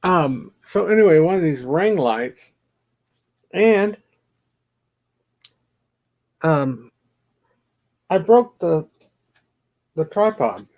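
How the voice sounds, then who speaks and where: Slow, gravelly middle-aged man rambling. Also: on the high side, expressive, a little mellow. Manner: rambling, self-deprecating, mutters to himself. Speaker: YouTube channel host. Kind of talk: casual chat to camera. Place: home basement.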